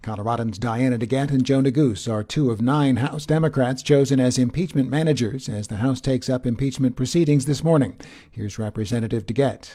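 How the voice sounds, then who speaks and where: Male radio anchor, warm mellow tone, steady newscast read. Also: medium pitch. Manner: measured, even news delivery.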